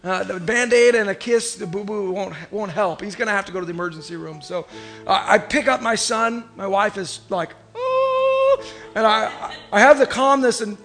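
A man preaching in church. His voice sits high and bright, pushing forward with force as he tells a personal story with animated, emotional delivery. Soft music plays faintly underneath. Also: brisk. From Oklahoma. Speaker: pastor.

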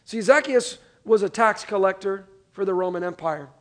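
High-voiced man preaching a lively sermon. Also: normal speed. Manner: animated, call-and-response with congregation. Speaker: pastor.

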